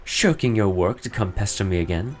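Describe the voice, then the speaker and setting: A solemn, cryptic old woman who guards ancient legends, as a man reads her lines aloud from a game. Her voice sits low but rises and falls with lively inflection. She speaks formally, like someone handing down old words out of duty. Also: brisk, faint music behind. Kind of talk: reading game dialogue aloud in character.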